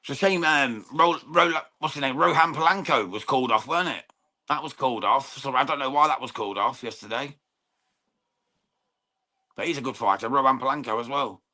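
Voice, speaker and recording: Bright-voiced English lad commentating live. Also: male voice, medium pitch, a little fast. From England. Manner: chatty, informal, swears freely, says mate often, thanks viewers. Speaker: watchalong stream host. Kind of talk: live boxing watchalong commentary and chat with viewers.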